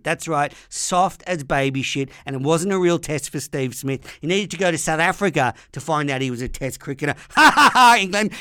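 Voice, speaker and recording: A young Australian man rants with open fury, swearing hard and hammering his points. His voice sits fairly high and sounds smooth and clear. The recording is close and dry, with no room around it. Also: fairly bright tone, dry recording. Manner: furious, sweary, ranting. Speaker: podcast host. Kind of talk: angry sports rant.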